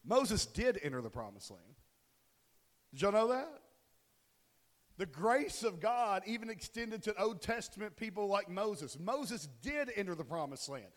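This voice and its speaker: Man, pastor, high-pitched, conversational and joking, long church reverb. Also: very animated, unhurried. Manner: joking, conversational, asks the congregation questions. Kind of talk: casual humorous sermon. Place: church sanctuary.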